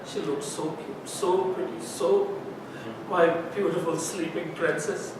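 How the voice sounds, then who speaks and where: An actor rehearsing the role of an anguished father, recounting events in a halting, stammering way, recorded in a rehearsal room. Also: steady tone. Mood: sorrowful. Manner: halting, stammering, repeating words. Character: anguished father telling of a night with his daughter. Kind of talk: stage drama rehearsal. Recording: echoey room, distant mic, hiss and rumble.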